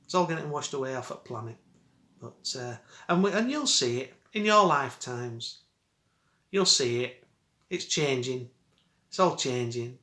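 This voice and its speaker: A middle-aged man rambles through a story in his own dialect, chuckling as he goes. His voice sits at an ordinary middle pitch. The recording has a roomy echo around him. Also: expressive, unhurried, pauses often, pushed and bright. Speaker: vlogger. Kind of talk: casual storytelling.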